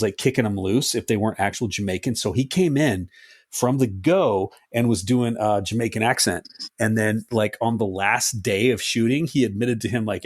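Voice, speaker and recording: A middle-aged man trades loose, profane stories as a podcast co-host, his voice a little low and husky. The sound is dry and close, with no room around it. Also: no room sound. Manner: profane, joking, does mocking quoted voices. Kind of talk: casual chat.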